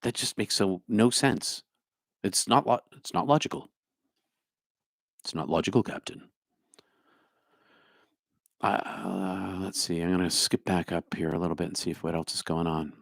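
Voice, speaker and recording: A man's voice: deep voice, fairly even intonation, moderate pace, gravelly, a bit bright, no room sound, clean studio sound. A middle-aged man with a New Jersey accent, a spiritual speaker answering his live chat by name, musing and humming to himself. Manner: musing, talks to viewers by name, hums to himself. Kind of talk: livestream chat reply.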